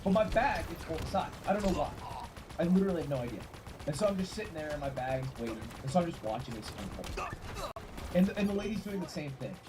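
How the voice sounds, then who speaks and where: A man streaming and casually telling an animated story, swearing freely along the way. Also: fairly high pitch, fast. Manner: animated and profane.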